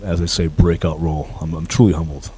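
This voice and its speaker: A very low, mellow-voiced man speaks as a guest in an interview. He talks about his work humbly, with frequent fillers and restarts. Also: little pitch movement, fast, rough recording. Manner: humble, hesitant with many fillers. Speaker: actor guest. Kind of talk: casual interview.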